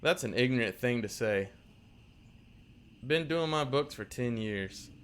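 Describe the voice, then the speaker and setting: Guy reading a gruff bartender, slow blunt lines, kinda reproachful. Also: mid-range voice, lively intonation, slight background noise, close to an everyday voice. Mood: resentful. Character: gruff middle-aged male bartender keeping tabs.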